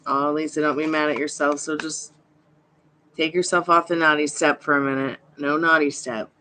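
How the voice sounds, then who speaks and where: A woman's voice: low-pitched, flat delivery, normal speed, bright, forceful tone, a little hiss or hum. A woman hosting a live tarot reading stream, chatty and reassuring as she greets viewers by name. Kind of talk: casual live-stream chat.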